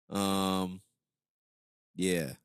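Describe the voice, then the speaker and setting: Slow-talking, low-voiced laid-back man. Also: no room sound, clean studio sound. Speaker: podcast co-host. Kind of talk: casual wrestling chat.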